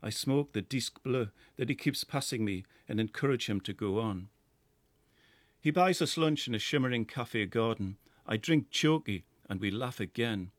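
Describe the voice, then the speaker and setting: A middle-aged man with a Geordie accent, reading a first-person story in a measured, lyrical way. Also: medium pitch, expressive, no echo. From North East England. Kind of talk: scripted first-person narration.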